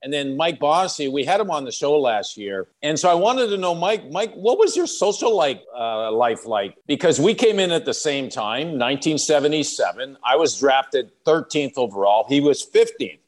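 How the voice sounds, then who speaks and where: A man in his sixties, a former player co-hosting a podcast, telling relaxed stories in casual chat. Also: medium pitch, normal speed, hardly any pauses. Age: 60s. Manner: storytelling, relaxed.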